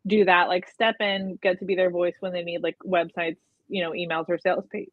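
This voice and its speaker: A woman's voice: fairly low pitch, little pitch movement, a little fast. A young woman, a guest and personal brand coach, chatting casually in an interview with lots of "like" and "um". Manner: chatty, frequent "like" and "um". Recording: tinny phone-like audio.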